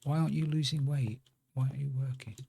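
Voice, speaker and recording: A man's voice: mid-range voice, steady tone, quick pace, creaky, mellow, husky. A man streaming a building game, muttering to himself as he works and chatting in asides. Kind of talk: casual live-stream chat while playing.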